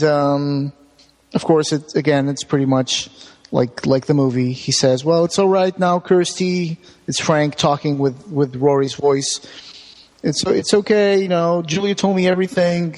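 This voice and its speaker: A man co-hosting a casual podcast, retelling a story and slipping into quick voices for the characters. His voice sits on the higher side. The recording carries a long reverb tail. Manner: animated, acts out lines in quick voices, many fillers. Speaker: podcast co-host.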